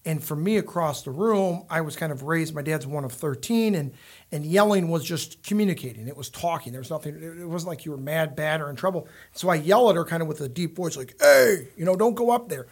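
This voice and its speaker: A man's voice: a little high, brisk, slightly rough. A man, a father, talking in a casual conversation, rambling and repeating words, acting out what others told him. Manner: rambling, repeats words, acts out quoted lines. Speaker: guest.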